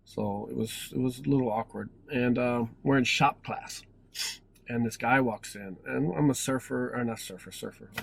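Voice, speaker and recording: A man's voice: medium pitch, vocal fry, breathy edge, rough recording. A man in his forties telling a personal story in a casual, rambling way, with many restarts and self-corrections. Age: 40s. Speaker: vlogger.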